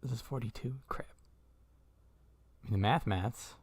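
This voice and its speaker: A man with a mid-pitched voice talks casually and wryly, muttering to himself as he works through numbers. The recording is dry and close. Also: slow, breathy edge, no room sound. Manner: wry, mumbling while working through numbers. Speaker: podcast co-host. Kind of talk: casual chat.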